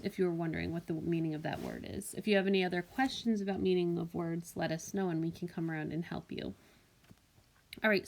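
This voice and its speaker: Woman, classroom teacher voice, gentle and clear, recorded on a tablet for young students. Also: lowish voice. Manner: gentle, clear teacher talk, clapping out syllables. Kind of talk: recorded phonics lesson for children. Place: voice-over for a whiteboard app. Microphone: tablet microphone.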